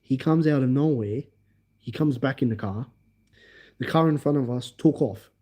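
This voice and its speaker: A man hosting a livestream, telling a story in an animated, emphatic way and acting out the scenes. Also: mid-range voice, normal speed, slightly rough. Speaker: livestream host. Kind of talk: casual storytelling.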